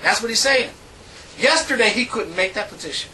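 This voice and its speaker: Man, preacher, sermon, emphatic drawn-out scripture reading, high pitch, distant mic, faint background noise. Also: sharp tone.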